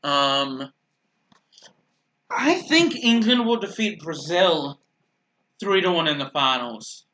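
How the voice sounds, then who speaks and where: A man with a bright, forceful voice pitched a little high talks through a video game match in loose, unscripted commentary. He rambles and restarts his sentences, and drops dry sarcastic asides about his teammates. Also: very animated, slow, slight background noise. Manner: rambling, self-correcting, dryly sarcastic. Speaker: gaming channel host. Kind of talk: casual gameplay commentary.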